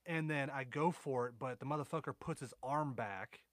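A man co-hosting a podcast, chatting casually in a halting, blunt way about wrestling matches. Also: medium pitch, no room sound. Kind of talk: casual chat.

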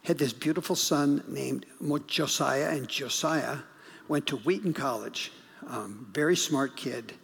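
A middle-aged man, a guest pastor, preaching a sermon as a story, swinging from urgent bursts to hushed, whispered lines. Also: medium pitch, unhurried, vocal fry, husky, in a large hall. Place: church sanctuary.

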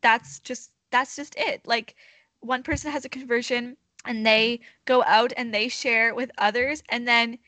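Young woman host, bright tone, slightly high, dry sound, affirming. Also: steady tone, a little slow, no echo. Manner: warmly affirming, emotional, laughing. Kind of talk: casual chat.

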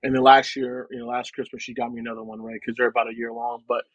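A young man from New Jersey, United States, is a podcast guest in casual conversation, relaxed and rambling, often dropping "man" and "right." His voice is medium-pitched and quick, on a poor-quality recording with no echo.

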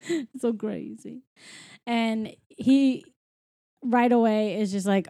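A woman chatting casually on a podcast, retelling movie scenes and slipping into quick quoted voices. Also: fairly high pitch, animated, mellow, no room sound, clean studio sound. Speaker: podcast co-host recapping a film. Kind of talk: casual chat.

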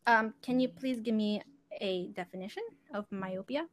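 A woman in a casual spelling bee with friends, soft-spoken and spelling letters quietly. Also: medium pitch, normal speed, no room sound. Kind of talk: casual chat among friends.

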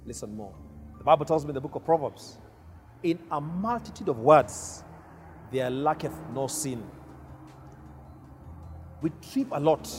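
A middle-aged male preacher delivering a sermon, repeating his key phrases with slow, emphatic weight. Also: fairly high pitch, a little mellow.

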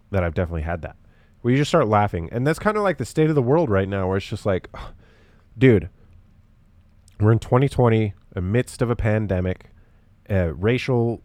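A man's voice: on the low side, darkish tone, no echo. A young man talking in a rambling, profane way with lots of fillers, hosting a casual solo podcast.

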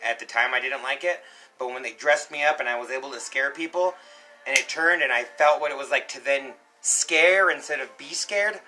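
Bright-voiced young man telling stories. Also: mid-range voice, moderate pace, slight background noise, poor audio. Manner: animated storyteller, acts out shouts and quotes. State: coughing. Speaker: podcast co-host. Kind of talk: casual storytelling chat.

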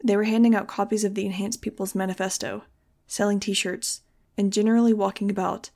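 A woman reading a novel aloud in the first person, with steady, expressive storytelling. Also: mid-range voice, fairly quick, vocal fry. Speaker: audiobook reader.

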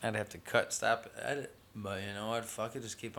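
A man rambles through a loose monologue on his own show, drawling and laid-back, with a gravelly edge to his voice. He swears freely and tacks "man" onto almost every line. A faint noise sits under the recording. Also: on the low side, fairly even intonation, normal speed, hardly any pauses, fairly bright tone. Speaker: podcast host.

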